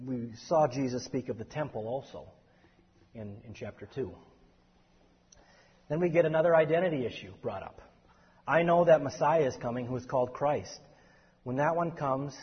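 Husky man teaching a Bible class. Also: medium pitch. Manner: animated, takes questions from the class. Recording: echoey hall, dull lo-fi sound.

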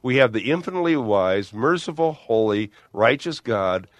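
A man's voice: medium pitch, lively intonation, normal speed, dry recording, studio quality. An older man teaching on the Bible in a discussion, building his points emphatically with illustrations. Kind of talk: theological discussion.

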